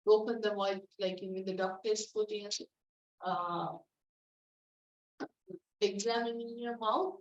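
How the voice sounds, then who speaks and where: A woman teaching a phonics lesson, repeating each sound slowly and emphatically and checking in with "right?". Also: mid-range voice. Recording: echoey, distant, dull lo-fi.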